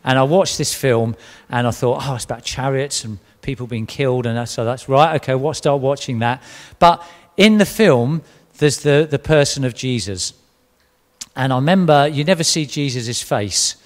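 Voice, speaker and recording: A man recounts his story with earnest feeling, stumbling and restarting as he goes. His voice sits at an ordinary middle pitch. It carries a long reverb, as if he is in a large hall. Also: a little slow. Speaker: church member giving testimony. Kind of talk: personal testimony interview.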